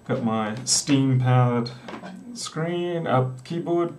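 Chatting casually while live coding, a middle-aged programmer with an Australian accent from South Australia wanders off on joking tangents. He speaks slowly in a mid-range voice against background noise, recorded by a far-off mic in a small, echoey room with a door.

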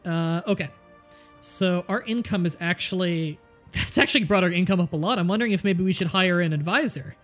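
A woman's voice: lowish voice, a little fast. A woman streaming a strategy game, joking, swearing freely and thinking aloud, with faint music behind. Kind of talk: casual gameplay livestream commentary.

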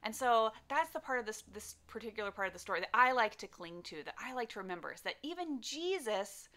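A woman's voice: a little high, animated, a little fast, pushed and bright. A young woman teaching a children's church lesson, telling the story animatedly and acting out the characters.

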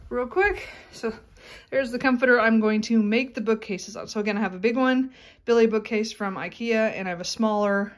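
A woman's voice: medium pitch, a bit bright. Chatty woman filming a home vlog. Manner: chatty, rambling, frequent fillers. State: out of breath. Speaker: vlogger. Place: home bedroom closet.

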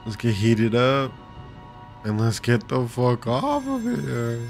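Chill guy narrating his game, slow and kinda gravelly, faint music behind. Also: medium pitch, huge pitch swings. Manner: laid-back, sweary. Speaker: gameplay streamer. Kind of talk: let's play commentary.

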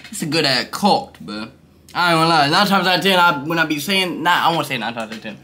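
A young man vlogging at home, high and rambling in loose slang, laughing often. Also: animated, quick pace, pushed and bright, a little hiss or hum. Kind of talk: casual stoned review vlog. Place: his room.

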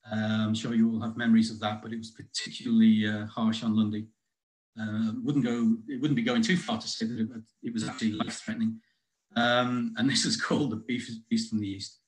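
A middle-aged man, a poet, reading his own poems aloud in a measured, expressive way with deliberate pauses, adding relaxed spoken asides between them. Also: medium pitch, poor audio.

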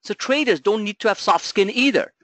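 Middle-aged male webinar host, bright lively voice, casual and joking, dry close mic. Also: brisk, no room sound. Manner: animated, joking, swings between loud asides and low mutters. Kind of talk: live market webinar talk.

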